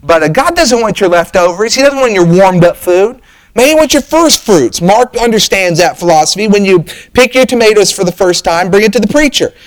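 A man's voice: sits high, lively intonation, fairly quick, hardly any pauses, poor audio. A middle-aged man preaching a sermon as pastor, folksy and storytelling, with frequent fillers and restarts.

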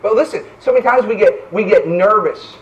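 A man's voice: high voice, fairly quick, distant mic, highs cut off. A man preaching a fervent sermon as pastor, often tossing in "right?" asides.

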